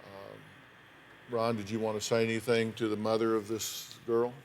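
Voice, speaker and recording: A man's voice: on the low side, flat delivery, normal speed, slight background noise. A man hosting a daytime talk show, asking pointed, probing questions of his guests.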